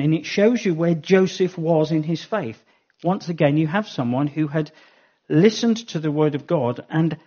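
The speaker is a man with a slightly high, slightly mellow voice giving a Bible lesson. He reasons out loud, peppering it with ums and corrections, captured in a dull lo-fi recording.

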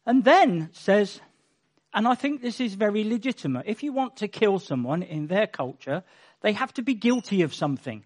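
Male Bible teacher, high-pitched, emphatic conversational preaching with dry humour. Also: expressive, normal speed. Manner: emphatic, with wry asides and chuckles. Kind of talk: conversational sermon.

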